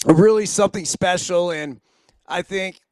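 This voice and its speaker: A man's voice: sits high, a little slow, a little mellow, no room sound. A middle-aged man co-hosting a baseball show, chatting casually and laid-back, often saying "dude". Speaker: co-host, former ballplayer.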